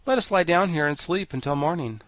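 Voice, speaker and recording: Reading an audiobook, a man voices a polite, meek young boy who speaks soothingly. He pitches a little above his natural register, landing close to an everyday voice that is on the high side, a little fast and fairly bright, with no room sound.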